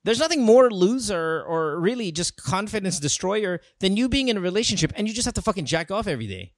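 A man's voice: high-pitched, very animated, quick pace, no room sound, studio quality. A man hosting a casual advice chat, blunt and profane, joking as he talks. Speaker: podcast host.

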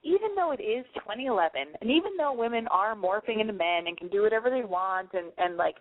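A woman's voice: mid-range voice, animated, quick pace, a little hiss or hum. A woman hosting a casual call-in advice radio show, chatty and frank, swearing freely. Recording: dry, phone-like narrow band.

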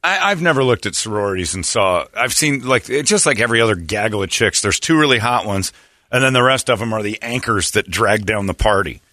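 A middle-aged man hosting a radio talk show, telling crude jokes and stories in loud, animated banter. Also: fairly low pitch, brisk, no echo, studio quality. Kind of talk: casual comedic banter.

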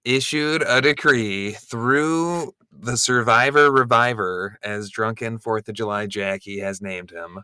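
Bright-voiced man arguing playfully on a podcast. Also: mid-range voice, clean tone, dry recording, clean studio sound. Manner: wry, quick to argue and tease. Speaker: podcast co-host. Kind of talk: casual podcast banter.

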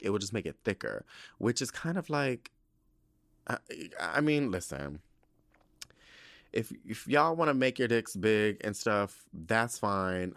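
Animated gossiping young man podcaster. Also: dry recording, clean studio sound. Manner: animated, gossipy, swings into high mocking voices. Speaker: podcast host. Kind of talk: candid solo podcast storytelling.

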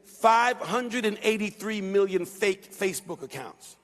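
Male pastor, sermon, high-pitched and emphatic, long hall reverb. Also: expressive, unhurried. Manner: emphatic, repetitive, preaching at a shout.

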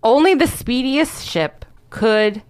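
Animated, laughing young woman storyteller. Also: a little high, slow pace, clean tone. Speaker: podcast host presenting research. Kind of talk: casual chat.

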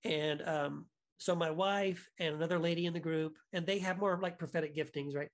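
A man guest on a podcast, telling a story in a casual, animated way, full of restarts and "right?" asides. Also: on the high side, normal speed. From United States.

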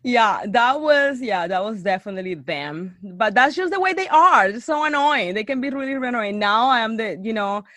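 A woman telling a story in casual chat, animated, acting out quotes and saying "like" a lot. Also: normal speed, hardly any pauses, no echo, clean studio sound. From Bay Area. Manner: animated, acts out quotes in a high voice, lots of "like".

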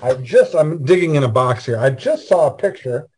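A man hosting a casual group call, rambling and halting with many fillers. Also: on the high side, animated, darkish tone, breathy edge. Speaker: host.

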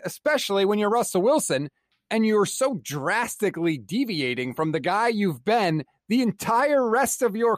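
A man's voice: high-pitched, no echo, studio quality. A man co-hosting a sports podcast, ranting in exasperation and swearing freely. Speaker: podcast co-host. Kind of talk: heated sports podcast rant.

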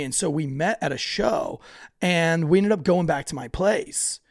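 A young man on a podcast, telling stories bluntly and swearing often, tripping over his words as he goes. His voice sits a little high and has a gravelly fry. The sound is dry and close. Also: moderate pace, no room sound. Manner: blunt, profane storytelling with many restarts. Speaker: podcast co-host. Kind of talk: casual chat.

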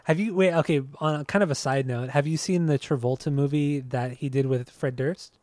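A man hosts a casual podcast, talking in loose, rambling runs with frequent restarts. His voice sits a little high. The recording is dry and close. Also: fairly even intonation, brisk, a little mellow, dry recording. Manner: rambling, hesitant, full of restarts. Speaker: podcast host. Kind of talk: casual chat.

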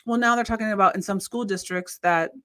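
Here a US woman in her thirties talks at medium pitch and a fairly brisk clip. Chatting loosely as a podcast co-host, she tells her own story with lively energy, lots of restarts, and exclamations that climb upward.

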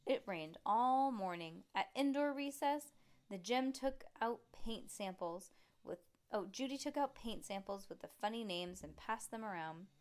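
A woman reading a children's book aloud at home, voicing the characters in a lively way and stopping to chat and laugh with a child. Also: medium pitch, unhurried. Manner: lively, voices the characters, chats and laughs between passages. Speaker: reader.

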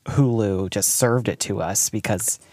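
A man's voice: on the low side, measured pace, a little mellow, dry recording. A man co-hosting a podcast in casual chat, rambling and laughing often. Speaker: podcast co-host.

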